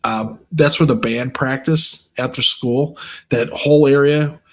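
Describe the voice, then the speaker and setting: Husky-voiced man, casual storyteller, crude and swearing, acts out the voices he quotes. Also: mid-range voice, fairly even intonation, a little slow.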